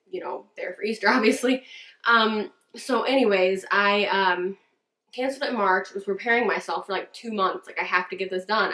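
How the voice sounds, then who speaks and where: A young woman tells a story to her camera in a casual, rambling way. She fills her talk with fillers and restarts, and her voice sits at an ordinary middle pitch. The room around her gives her voice a noticeable echo. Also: bright, forceful tone. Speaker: vlogger and church worship leader. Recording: roomy echo.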